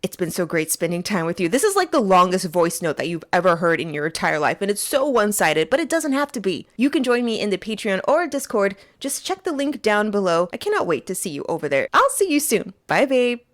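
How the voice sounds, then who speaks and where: A woman hosting a casual fan commentary monologue, playful and animated, talking straight to her listeners from a small closet. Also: medium pitch, brisk, few pauses. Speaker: host.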